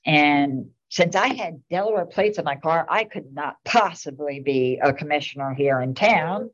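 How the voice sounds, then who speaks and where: A woman's voice: low voice, lively intonation, moderate pace. A middle-aged woman and town commissioner, rambling through casual anecdotes at a meeting. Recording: dull lo-fi meeting recording.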